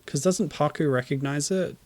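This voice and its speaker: A man's voice: on the high side, moderate pace, darkish tone, dry recording. A tired man in casual gameplay commentary, making wry, dry jokes and chuckling at the game. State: tired, low energy. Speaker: streamer.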